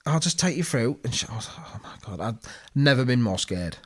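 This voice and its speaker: A man's voice: mid-range voice, animated, fairly quick, husky. A young man, a podcast co-host telling a story in casual chat, acting out quoted lines and swearing freely.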